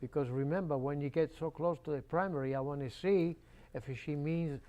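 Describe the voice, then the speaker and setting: Man, older, folksy, chatty, jokey, local TV host, a bit high-pitched. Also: fairly quick, warm tone. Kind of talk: casual interview talk. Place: local cable TV studio.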